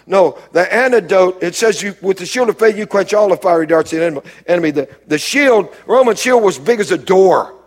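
A man preaching a sermon as a pastor, dropping low and quiet and then rising to emphatic, raised lines. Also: expressive, moderate pace, hardly any pauses.

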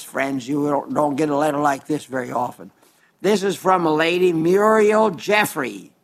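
A man in his nineties, a pastor giving a broadcast sermon and reading viewer letters, slow and earnest, dwelling on repeated words. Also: on the high side. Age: 90s. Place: South Dakota.

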